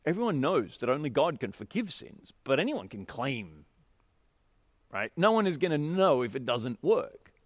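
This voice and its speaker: A man delivering a sermon, slightly higher-pitched than most, with a very lively, animated voice that rises and falls as he tells the story. His delivery is expressive and emphatic. The recording sounds dry and close. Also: moderate pace, dry recording. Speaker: preacher. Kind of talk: sermon with scripture reading.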